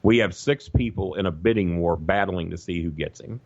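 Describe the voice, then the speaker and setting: A man telling a long, profane, animated story in a casual podcast chat. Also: low voice, moderate pace, dry recording, dull audio. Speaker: guest storyteller.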